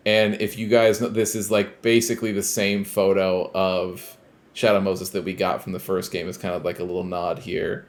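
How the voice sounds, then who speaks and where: A podcast co-host with a notably deep, low-pitched voice. He talks through a video game's plot in relaxed, rambling fashion, leaning on fillers. He swears casually as he goes. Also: normal speed. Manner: loose and rambling, heavy on filler words. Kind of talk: casual chat recapping a video game.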